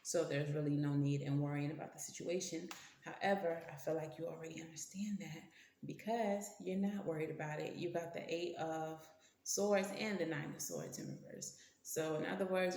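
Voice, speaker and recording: Brief: woman tarot reader, lowish gravelly voice, blunt slangy delivery, roomy echo. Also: steady tone, moderate pace, a little mellow, slight background noise. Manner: blunt, slangy and profane, talks to the cards. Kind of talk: casual tarot reading.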